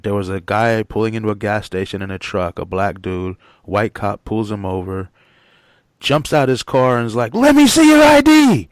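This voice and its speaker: A low, gravelly male voice with a dry, close sound. He co-hosts a loose talk show and slips in sardonic jokes between serious points. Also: fairly even intonation, moderate pace, dry recording. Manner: sardonic, jokey, acts out quoted shouts. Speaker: co-host. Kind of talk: casual political discussion.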